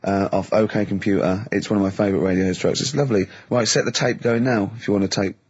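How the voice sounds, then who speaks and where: A man's voice: lowish voice, steady tone, fast talker, a little mellow, breathy edge, no room sound, muffled recording. A man hosting a radio show, chatting playfully and introducing songs in casual studio banter. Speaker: radio host. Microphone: studio microphone.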